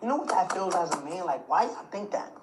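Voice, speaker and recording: A man giving an emotional, animated account of his own story in an interview, acting out other people's words and often stammering and restarting. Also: fast, noisy background. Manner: animated, acts out quotes of others with jumps in pitch and loudness.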